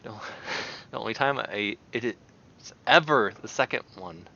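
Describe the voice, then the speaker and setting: A male streamer chats casually, rambling and exclaiming as he goes. His voice is very bright and jumps widely in pitch. The audio sounds dull and lo-fi. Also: lively intonation, measured pace, gravelly.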